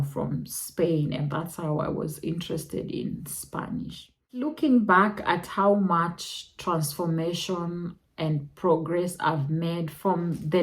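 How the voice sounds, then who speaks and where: A young Kenyan woman with a Kenyan accent, telling her own story in a reflective, emotional way that jumps to high exclamations. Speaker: vlogger. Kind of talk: personal storytelling.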